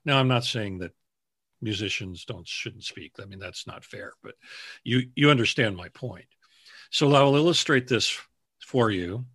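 A man's voice: on the low side, moderate pace, fairly bright tone, husky, no room sound, studio quality. A man who works as a book editor, answering interview questions earnestly and acting out the people in his anecdotes. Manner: earnest, storytelling, acts out the people he quotes.

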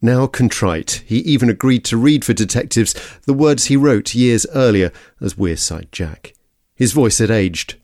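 A man delivering measured, scripted documentary narration as podcast host. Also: medium pitch, lively intonation, a little mellow, no echo, studio quality. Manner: measured, descriptive.

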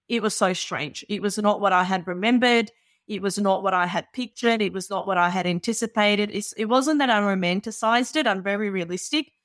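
This is a woman, talking as an interview guest. Her stories come out earnest and animated, often broken up with little "you know"s. Her pitch sits mid-range and the sound is close and dry. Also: no room sound. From Balkans. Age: 30s. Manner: earnest and animated, with many filler phrases. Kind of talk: candid personal storytelling.

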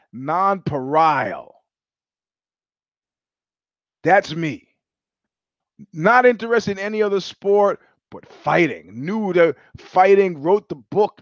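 A man's voice: sits high, no room sound. A man hosting his own show, telling stories in a sardonic, profane monologue. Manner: sardonic, profane, mimics others in anecdotes. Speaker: show host. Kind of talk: monologue storytelling. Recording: dry, slightly dull lo-fi audio.

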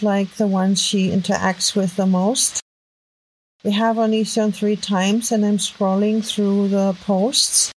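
A woman with a heavy German accent, hosting a podcast and thinking aloud in casual commentary as she reads web posts, halting with fillers and restarts. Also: medium pitch, a little mellow, a little hiss or hum, low-quality recording. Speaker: podcast host. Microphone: home microphone.

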